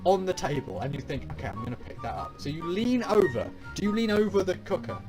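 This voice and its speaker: A man's voice: high voice, sing-song, fast, music in the background. A man co-hosting a casual gaming chat, teasing his friends with sarcastic, dramatic retellings. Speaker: gaming channel co-host.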